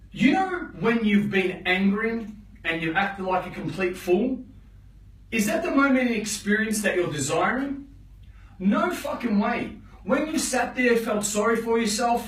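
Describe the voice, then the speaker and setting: A man with a very high voice coaches a live motivational session, blunt and preachy, repeatedly engaging his listeners and swearing to make his point. He's recorded from a distance with roomy, poor-quality sound.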